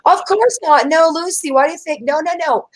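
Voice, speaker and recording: A woman hosting a casual livestream chat, emphatic and animated, often talking over her guest. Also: high-pitched, brisk, poor audio. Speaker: livestream host.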